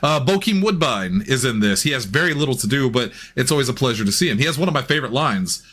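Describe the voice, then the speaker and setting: A man's voice: medium pitch, expressive, fast talker, fairly bright tone. Rambling man chatting about a movie. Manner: rambling, laughs easily, swears. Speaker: podcast co-host. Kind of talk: casual film review chat.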